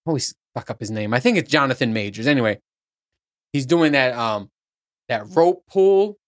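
A man's voice: mid-range voice, animated, normal speed, dry recording, clean studio sound. A middle-aged man hosting his own podcast from his workplace on his lunch break, rambling and swearing as he mocks himself. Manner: rambling, profane, self-mocking. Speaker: podcast host. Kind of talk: casual solo podcast chat.

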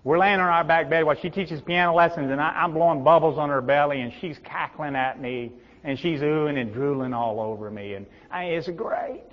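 A middle-aged male pastor preaching a sermon, swinging between loud emphatic peaks and hushed low tones. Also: fairly quick, hardly any pauses. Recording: dull reverberant hall sound.

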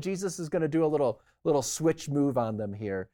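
A man's voice: fairly high pitch, expressive, racing, hardly any pauses, mellow. A man co-hosting a Bible study discussion, explaining scripture casually and acting out how listeners would react. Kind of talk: teaching discussion.

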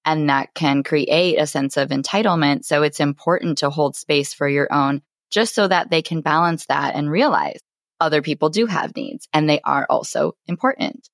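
A woman's voice: deep voice, normal speed, vocal fry, dry recording, clean studio sound. A woman hosting a podcast, affirming and reflecting on her guest's points in conversation. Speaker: podcast host.

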